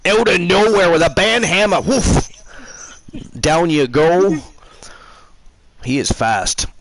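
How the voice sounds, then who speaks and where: A man's voice: high voice, slow, background noise. A man hosting a live stream, teasing and rambling through casual banter. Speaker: host.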